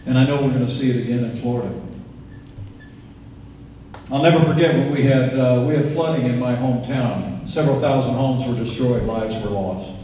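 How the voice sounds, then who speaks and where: A man's voice: medium pitch, a little fast, warm tone, slight background noise. Man, 60s, from Indiana, campaign speech, earnest folksy storytelling, very roomy long reverb. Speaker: politician giving a campaign speech. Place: event venue, large indoor room. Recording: echoey hall, distant mic.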